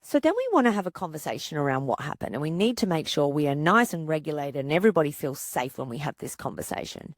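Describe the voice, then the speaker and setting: A woman psychologist hosting a podcast, calmly coaching parents and asking rhetorical questions. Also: low voice, fast talker, few pauses, no echo, studio quality. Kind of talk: podcast monologue giving parenting advice.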